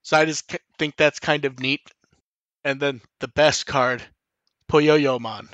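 A man hosts a podcast in relaxed, rambling chat, peppering his sentences with fillers and restarts. His voice sits a little high and sounds bright and tense. The recording is dry and close, with no room sound. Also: unhurried, no room sound, lo-fi sound. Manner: rambling, frequent 'like' and restarts, swears casually. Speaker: podcast host. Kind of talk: casual chat.

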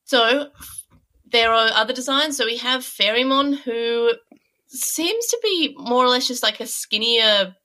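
A woman's voice: a little high, animated, a little slow, bright, forceful tone. A woman co-hosting a casual podcast chat, swearing freely and telling stories with animation. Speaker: podcast co-host.

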